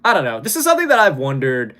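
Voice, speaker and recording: This is a young man on a livestream, answering chat messages off the cuff. His pitch swings up and down a lot as he talks. He rambles, stops himself mid-phrase and curses easily. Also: wildly swooping pitch, very fast, sharp tone. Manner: rambling, self-interrupting, swears freely, laughs often. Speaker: streamer reading chat.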